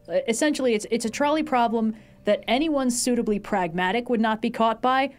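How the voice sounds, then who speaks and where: A woman's voice: a little high, fairly quick, hardly any pauses, soft background music. A woman co-hosting a casual discussion, speaking fluently and analytically. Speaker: co-host.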